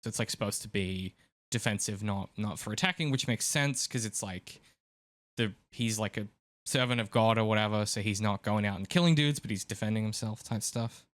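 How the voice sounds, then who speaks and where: A man's voice: lowish voice, brisk, no room sound. Rambling man in casual film chat. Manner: rambling, lots of fillers, thinks aloud. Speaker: podcast host.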